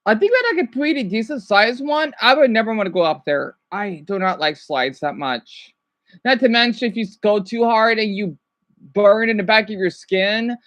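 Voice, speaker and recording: A woman's voice: medium pitch, lively intonation, normal speed, no room sound, lo-fi sound. A woman streaming and reacting to videos in casual, rambling chat, trailing off and restarting often. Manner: chatty, trailing off and restarting, laughs easily.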